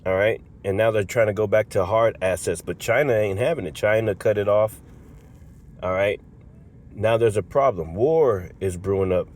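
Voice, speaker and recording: A man's voice: on the low side, measured pace, a little mellow. A man preaching from scripture, reading verses aloud and breaking in with casual, slangy remarks like "all right" and "man.". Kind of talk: street-style scripture sermon.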